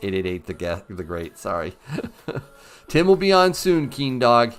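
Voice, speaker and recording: A man's voice: medium pitch, sing-song, unhurried, clear, resonant tone, soft background music. A man hosting a casual livestream, chatting with viewers in an upbeat, easygoing way. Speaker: livestream host.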